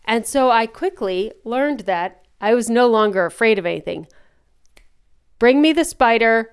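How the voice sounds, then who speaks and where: Frank chatty woman in her 40s, very smooth clear voice, talks with her hands kinda. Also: on the high side, a little slow. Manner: chatty, frank, animated storytelling. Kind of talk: casual chat.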